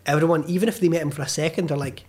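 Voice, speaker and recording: A man's voice: a little high, fairly even intonation, racing, a little mellow, husky. A young Scottish man, a filmmaker on a podcast, telling a story animatedly and swearing freely as he acts out the quotes. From Scotland. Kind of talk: casual storytelling chat.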